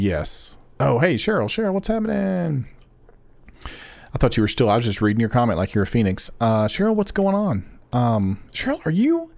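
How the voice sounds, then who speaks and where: Man, young adult, game streamer, rambling casual chat, low voice, dry close sound. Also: darkish tone, dry recording. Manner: rambling, chatty, talks to viewers by name. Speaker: gaming streamer.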